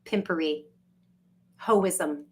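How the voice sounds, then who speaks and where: A woman, rambling on a livestream, swinging between gushing greetings to viewers and low confiding asides. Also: extremely slow. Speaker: livestream vlogger.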